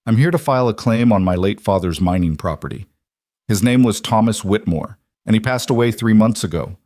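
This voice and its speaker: Determined young frontier woman, read by a man, hard and clipped, low, dry sound. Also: expressive, fairly quick, a little mellow, no echo, natural voice. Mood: firm. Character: determined young woman reclaiming her inheritance.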